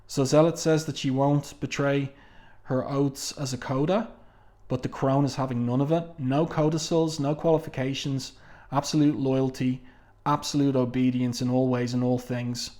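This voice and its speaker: A man's voice: medium pitch, steady tone, measured pace, a little mellow. A man talking casually through a comic book review, reading quotes from the panels aloud, with frequent fillers and asides.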